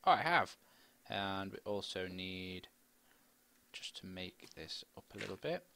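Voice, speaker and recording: Chatty man, bright voice. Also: deep voice, unhurried, gravelly. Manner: chatty, rambling, bursts into excited squeals. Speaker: gaming commentator. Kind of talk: casual let's-play commentary. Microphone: desk microphone with face cam.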